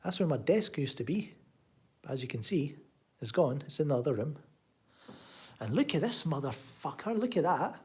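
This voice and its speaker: Streaming live from a room in his home, a Scottish man with a Glaswegian accent chats casually and sardonically, rambling and reading chat aloud as he replies. His fairly high voice is very animated, darkish and breathy-edged, at normal speed with long pauses.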